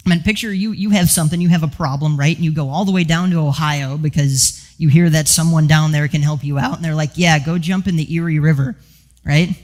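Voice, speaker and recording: A man preaching a sermon, telling a story in a casual, animated way with many asides. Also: a little high, fast, few pauses, long reverb tail. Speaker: pastor.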